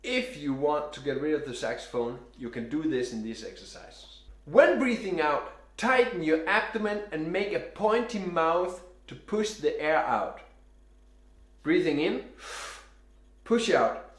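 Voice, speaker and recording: A man teaching saxophone breathing and tone, giving calm step-by-step instructions while he demonstrates each exercise himself. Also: a little high, unhurried. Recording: roomy echo.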